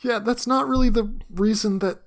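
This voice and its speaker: A man co-hosting a podcast in casual chat, animated and joking, laughing often. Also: high voice, moderate pace. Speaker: podcast co-host.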